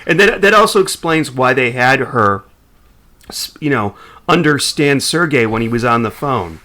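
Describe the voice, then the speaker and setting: Animated, jokey male podcast co-host. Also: mid-range voice, moderate pace. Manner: animated, jokey, trailing off and restarting. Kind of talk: casual chat.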